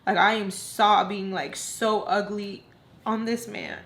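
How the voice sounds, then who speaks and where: A young woman vlogger tells a personal storytime with candid, unpolished emotion. She pads her sentences with "like" and talks at a middle pitch. The room gives her voice a noticeable echo. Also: steady tone, takes it slowly, a bit bright. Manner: candid, heavy use of "like". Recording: roomy echo.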